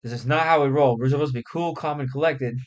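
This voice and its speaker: A man's voice: mid-range voice, fast, close to an everyday voice. A man reading the lines of a frantic, embarrassed young man pleading with his friends, on a slightly muffled recording. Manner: pleading, exasperated.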